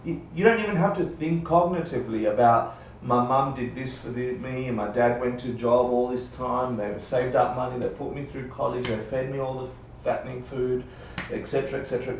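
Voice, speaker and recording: In a live Buddhist class, a man with a medium-pitched, steady voice speaks fairly quickly with few pauses. He keeps things conversational, regularly checking in with listeners and acting out quotations. The livestream sound is roomy, dull and far off, with slight background noise.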